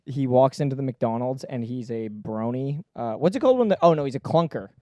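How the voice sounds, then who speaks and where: A man's voice: medium pitch, expressive, fairly quick, mellow, no echo. A young man co-hosting a podcast, telling rambling, crude stories in casual chat. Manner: rambling storytelling with laughs and crude jokes. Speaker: podcast co-host.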